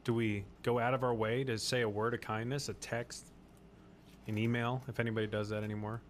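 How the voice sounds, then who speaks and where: A man of middle pitch hosts a faith-based podcast discussion. He talks in an earnest, preachy way and hammers his points home by repeating them. Faint noise sits under his voice. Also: level tone, a little fast. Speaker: podcast host.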